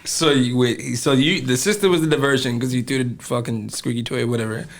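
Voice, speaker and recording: A man co-hosting a casual podcast with a gravelly, fry-laced voice. He tells blunt, slangy stories about his friends. His laughter comes in loud bursts. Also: medium pitch, brisk. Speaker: podcast co-host. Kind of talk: casual chat.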